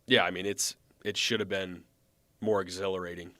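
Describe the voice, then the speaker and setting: A man in his thirties, a former baseball pitcher, telling his story in a relaxed, chatty way. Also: moderate pace, dry recording. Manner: relaxed, chatty, acts out quoted lines. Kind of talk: casual storytelling.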